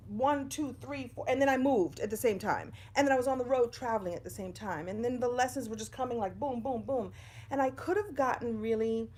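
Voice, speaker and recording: A middle-aged woman speaks to her livestream viewers from a room at home, in front of a bookshelf. She talks in a chatty, personal way about life lessons. The sound comes from a simple phone or webcam setup. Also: mid-range voice. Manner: warm, chatty, greets viewers by name. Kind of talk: live-streamed inspirational talk.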